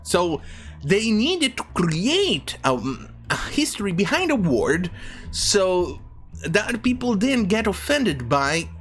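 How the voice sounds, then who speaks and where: A woman rants through a news story in a slow, drawn-out delivery, her pitch swinging widely with sarcasm. She swears freely and repeats words to mock them. Faint music plays behind her. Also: sing-song. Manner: sarcastic and profane, with mocking repetition. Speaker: online commentator. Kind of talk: ranting news commentary.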